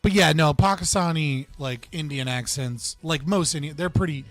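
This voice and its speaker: On his live stream, a man chats with viewers bluntly and casually, cursing and laughing frequently. His voice leans high and a bit bright at a moderate pace, with soft music playing behind.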